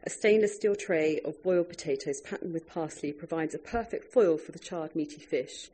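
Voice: mid-range voice, normal speed, mellow, breathy edge. An author reading their own food writing aloud to a live audience, wry and breaking off now and then for chatty asides.

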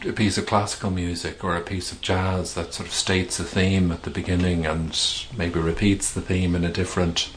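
A man's voice: low-pitched, little pitch movement, normal speed, few pauses, slight background noise. A middle-aged male author being interviewed, talking thoughtfully with hesitations and restarts. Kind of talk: reflective conversational interview.

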